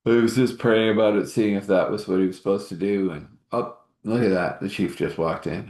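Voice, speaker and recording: A man telling an improvised story in a casual, halting way, full of fillers and restarts. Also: fairly low pitch, a little mellow, roomy sound.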